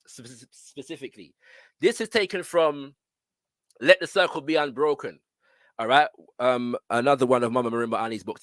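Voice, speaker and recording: A man with a fairly high, bright voice delivers an emphatic lecture, reading passages from books aloud. He keeps checking in with his listeners as he goes. The sound is dry and close. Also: no room sound. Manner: emphatic, checks in with listeners with frequent tag questions.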